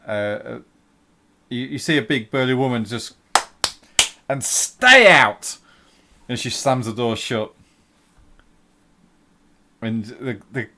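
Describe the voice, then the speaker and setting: A man narrating a tabletop game as game master, in a halting way with many restarts. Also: medium pitch.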